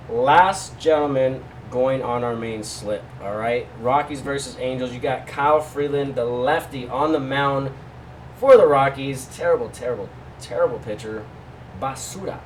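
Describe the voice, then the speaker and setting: A man's voice: mid-range voice, normal speed, distant mic, low-quality recording. A chatty man runs through his betting picks in a loose, joking way, tossing off asides to his viewers. His voice sits a little back from the mic in a room at home. A faint air-conditioner hum runs underneath. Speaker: sports betting host. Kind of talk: casual betting picks vlog.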